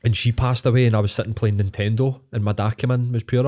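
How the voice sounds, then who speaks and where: A Scottish man co-hosting a podcast. He chats in a loose, sweary way and slips into voices for the people in his stories. His voice sits at an ordinary middle pitch. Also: quick pace. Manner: sweary, animated storytelling with acted-out quotes. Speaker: podcast co-host. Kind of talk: casual banter.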